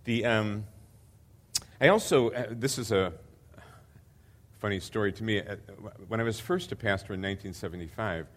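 A man's voice: fairly low pitch, normal speed, long pauses. An older man preaching as a visiting pastor, earnest and hesitant with many fillers, building to emphatic repetition. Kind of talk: sermon.

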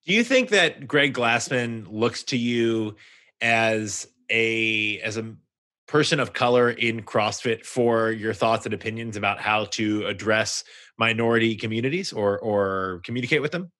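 A man's voice: fairly low pitch, unhurried, pushed and bright. A man hosting a podcast interview, asking questions hesitantly and restarting them. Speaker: podcast host.

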